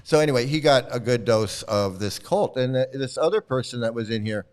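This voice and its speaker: A man's voice: mid-range voice, animated, brisk, a little mellow, clear, resonant tone. A man hosting a livestream, talking straight to his chat in a combative, repetitive way. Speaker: livestream host. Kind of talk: livestream commentary, answering chat.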